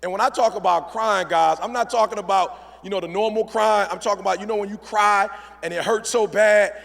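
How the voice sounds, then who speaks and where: A middle-aged man drives home his motivational speech in a punchy, preacherly way, checking in with the crowd. His voice sits high and rough with a gravelly fry. It is heard through a stage microphone with the long reverb of a big event hall. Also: fairly even intonation, a little fast, fairly bright tone. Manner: preacherly, punchy call-and-response. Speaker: motivational speaker.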